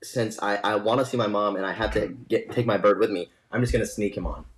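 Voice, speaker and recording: A man's voice: on the low side, quick pace, low-quality recording. A young man co-hosting a podcast, casually telling a long rambling joke and laughing along with it. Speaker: podcast co-host.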